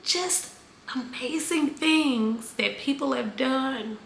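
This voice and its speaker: A woman in her forties telling a heartfelt personal story, halting with many fillers and close to tears at times. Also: sits high, creaky, a bit bright. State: emotional, near tears. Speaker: vlogger. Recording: echoey room, faint background noise.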